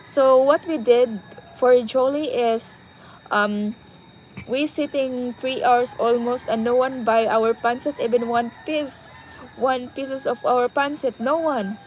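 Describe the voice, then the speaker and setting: A young woman with a Cebuano Filipino accent, telling a personal story casually and pausing often to find her words. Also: fairly high pitch, a little hiss or hum, low-quality recording. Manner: halting, searching for words. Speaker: vlogger.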